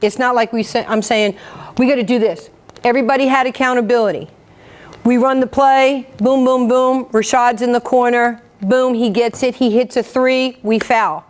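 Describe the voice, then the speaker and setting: A woman's voice: on the high side, moderate pace. A woman, giving a motivational talk full of stories and acted-out dialogue. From New York. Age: 50s. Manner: animated, acts out quoted dialogue. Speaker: guest speaker.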